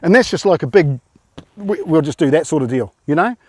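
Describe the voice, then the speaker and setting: A man's voice: on the high side, expressive, fairly quick, a little mellow, slightly rough, dry recording. A man coaching rugby players through tackle drills, informal and encouraging, often quizzing them.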